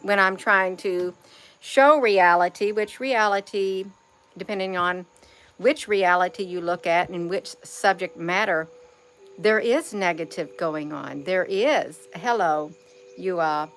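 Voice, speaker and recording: A woman's voice: fairly low pitch, slow, fairly bright tone, slight background noise. A woman talking to her viewers in a loose spiritual monologue, repeating her phrases and saying "you all" to the viewers. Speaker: vlogger.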